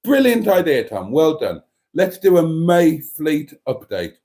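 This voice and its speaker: A middle-aged man hosts a casual livestream, rambling and joking as he reads out viewer comments. His pitch swings up and down a lot as he talks, and he sounds off the cuff, with plenty of ums and restarts. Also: very animated, takes it slowly, dark tone. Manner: chatty, rambling, jokey, with many fillers. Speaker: livestream host.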